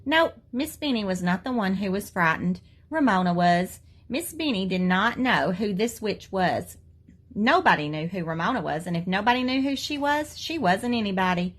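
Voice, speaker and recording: A woman teacher reading a children's book aloud to her students, gentle and animated. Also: medium pitch, normal speed.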